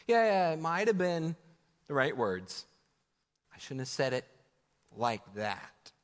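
A man's voice: medium pitch, fairly bright tone. A man in his thirties with a Midwestern American accent, preaching a sermon in a casual, conversational way, with laughing asides and acted-out prayers. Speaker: pastor. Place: church sanctuary. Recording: church hall with long reverb.

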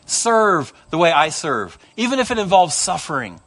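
A male preacher voicing Jesus as a calm, gentle, compassionate man, speaking slowly and softly. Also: fairly high pitch, full character voice. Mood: tender. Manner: slow, soft, tender.

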